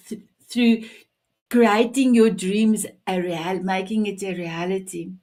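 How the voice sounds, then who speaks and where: Woman show host, slow and gushing, middle-pitched voice, chatty live broadcast. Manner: effusive, warm and rambling. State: recovering from food poisoning. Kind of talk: live online talk show.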